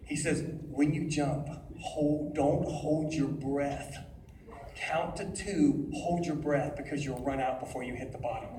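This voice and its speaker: A man's voice: a little high, unhurried, slight background noise. A man giving a humorous sermon-style story to a live audience, acting out voices and laughing often. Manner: animated, acts out quoted voices, laughs often. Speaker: speaker at a youth conference. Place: large hall with live audience. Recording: echoey hall from far off, loud audience.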